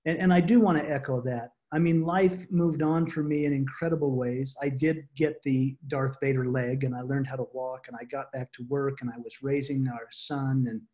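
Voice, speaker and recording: Earnest, halting man telling his story. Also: medium pitch, steady tone, mellow, muffled recording. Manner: earnest, halting with repeated restarts. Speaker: guest speaker. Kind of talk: personal story to a support group.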